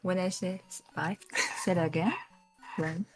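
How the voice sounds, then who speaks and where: A woman's voice: fairly low pitch, fairly even intonation, a little slow, darkish tone, soft background music. A woman joining a game stream, reluctant and protesting in casual back-and-forth, complaining with half-laughing exasperation. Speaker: streamer's companion. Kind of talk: casual live-stream chat.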